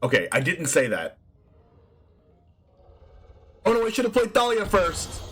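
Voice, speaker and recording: A young man streaming a card game, reacting to his plays with excited shouts, laughter and groans. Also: high voice, measured pace, long pauses, a little hiss or hum. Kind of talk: excited live gameplay commentary.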